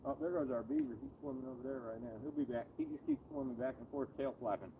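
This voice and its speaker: A man's voice: fairly high pitch, huge pitch swings, fast, gravelly, narrow, tinny audio, background noise. A man casually chatting with viewers during a live fishing stream, talking in a laid-back, joking way, recorded outdoors on a riverbank at night on a phone.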